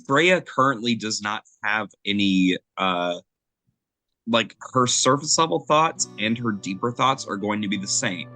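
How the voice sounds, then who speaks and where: A man's voice: fairly low pitch, expressive, a little slow, sharp tone, faint music behind. A man narrating as game master of a tabletop role-playing session, describing scenes in a loose, casual way with fillers.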